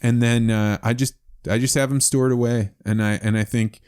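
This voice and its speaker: A man's voice: medium pitch, steady tone, moderate pace, darkish tone, smooth. A man hosting a podcast interview, talking in eager bursts with frequent restarts. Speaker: podcast host. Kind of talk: casual interview chat.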